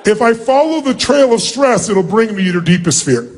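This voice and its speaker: A man leading a big seminar, loud and commanding, acting out quick little scenes for a large audience in an arena. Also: high-pitched, animated. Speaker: motivational speaker.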